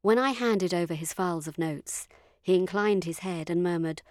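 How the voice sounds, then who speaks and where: Low-voiced woman reading a story aloud. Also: darkish tone, no room sound, clean studio sound. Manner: measured, dryly witty. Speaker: narrator. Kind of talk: scripted first-person narration.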